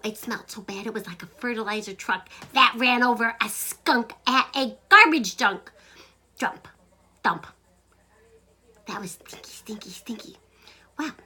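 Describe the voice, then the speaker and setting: A woman telling a silly joke with animated, playful delivery that now and then sinks into a whisper. Her voice is high and bright with a light husky edge, and her pitch swings widely. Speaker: joke teller, host. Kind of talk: telling a funny story to camera.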